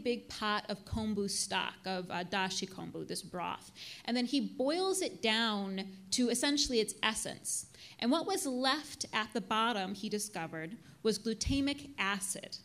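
A woman's voice: mid-range voice, a bit bright. A woman presenting a talk with slides, telling the story casually with asides and fillers. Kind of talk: live talk to an audience with slides. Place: venue in a big city.

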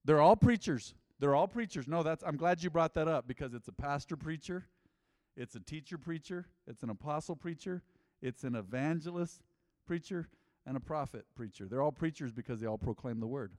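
A man as pastor, preaching a lively interactive sermon, joking with the congregation and repeating their answers. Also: a little high, brisk, no room sound, clean studio sound, in a large hall.

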